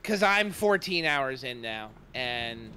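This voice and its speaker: A man's voice: medium pitch, big pitch swings, takes it slowly, bright, forceful tone. A man chatting casually and teasingly with friends during a game stream. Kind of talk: casual gaming chat. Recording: faint background hiss.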